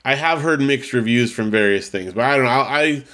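Man, podcast co-host, casual chat, middling pitch, rambling, self-correcting. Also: a little fast, fairly bright tone. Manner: rambling, self-correcting, reads listener mail aloud.

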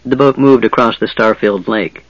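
A man reading a fantasy novel aloud in steady, measured scripted narration. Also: fairly low pitch, no echo, dull audio. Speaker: audiobook narrator.

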